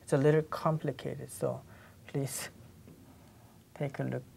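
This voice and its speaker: A woman's voice: a bass voice, steady tone, measured pace, creaky, warm tone, a little hiss or hum. A middle-aged Korean woman with a Korean accent, whose first language is Korean, teaching a language class in English and patiently repeating sounds for students to copy. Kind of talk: classroom lecture.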